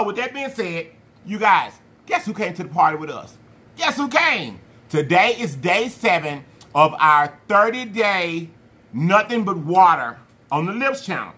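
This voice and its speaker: A man hosting a food challenge vlog, talking to viewers in an animated, playful way with slang and drawn-out hype calls. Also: high-pitched. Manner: slang-heavy, addresses viewers as y'all. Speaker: mukbang channel host. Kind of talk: casual vlog talk to viewers.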